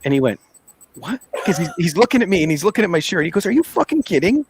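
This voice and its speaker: Easygoing man with a lively voice. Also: a little high, fast talker, slight background noise, rough recording. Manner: laughing, easygoing anecdote teller. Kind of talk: casual podcast chat.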